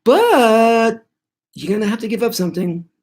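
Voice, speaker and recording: A man's voice: very high voice, lively intonation, normal speed, darkish tone, voice pushed up, heavily acted. A man voicing a mysterious male spirit guide who bargains and teases. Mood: bargaining.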